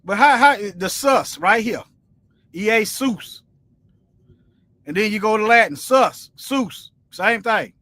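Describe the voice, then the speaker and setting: A man teaching scripture in a loose, conversational livestream, wandering between points and pressing them home with force. His voice sits high and sounds sharp and bright. The sound is close and dry, with no room echo. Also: expressive, slow, long pauses. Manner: colloquial, rambling, emphatic preaching. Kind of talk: informal livestream Bible teaching.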